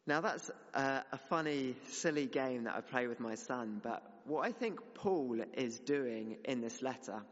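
A man's voice: medium pitch, a little slow, few pauses. A young man delivers a sermon in an earnest, steadily building voice. His words ring out with a long reverb through a church hall, and the recording itself is slightly dull and muffled. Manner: earnest, building to emphatic exhortation. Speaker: preacher.

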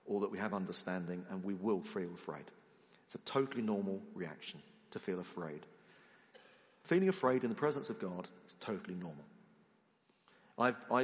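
Guy preaching, lively up and down delivery, loud bits then hushed bits, muffled echoey hall sound. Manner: animated, swings from loud emphatic rises to quiet low asides. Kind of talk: sermon.

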